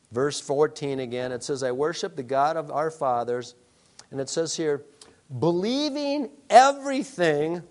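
Guy pastor with a high voice preaching, punchy, keeps asking the congregation questions. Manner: emphatic, rhetorical questions to the congregation. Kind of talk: sermon.

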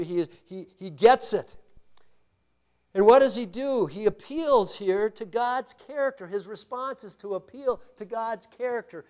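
Emphatic male pastor preaching a sermon. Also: high voice. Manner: emphatic preaching that swings from loud stresses to quiet asides; rhetorical questions to the congregation.

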